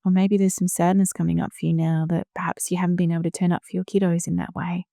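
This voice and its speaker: A middle-aged woman hosts a reflective solo podcast in a gentle, slow, soothing manner, now and then dropping to a soft hush. Her voice sits low and warm with a gravelly edge. The recording is dry and close. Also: flat delivery, dry recording. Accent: Australian. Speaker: podcast host.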